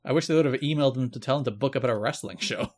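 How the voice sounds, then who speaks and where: A man's voice: mid-range voice, very fast. A man co-hosting a casual wrestling podcast, recapping old episodes in a dry, wry way and laughing often. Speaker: podcast co-host.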